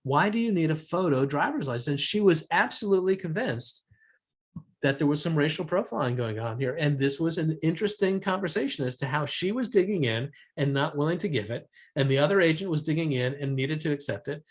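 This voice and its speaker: A man teaching a negotiation seminar to a live room, quizzing the audience and keeping a brisk, lively delivery. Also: a little high. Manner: lively, asks the audience questions. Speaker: negotiation trainer.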